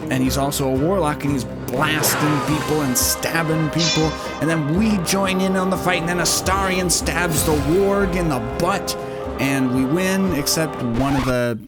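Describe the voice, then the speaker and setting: A man giving joking, rambling let's-play commentary on a fantasy video game. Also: a little high. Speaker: gaming video host. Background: game music.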